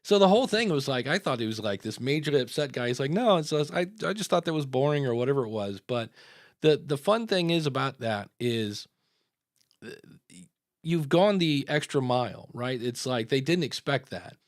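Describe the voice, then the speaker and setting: A man's voice: medium pitch, expressive, normal speed, dry recording, studio quality. A man hosting a casual podcast chat, telling stories and acting out what people said. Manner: conversational, storytelling, acts out quotes. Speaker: podcast host.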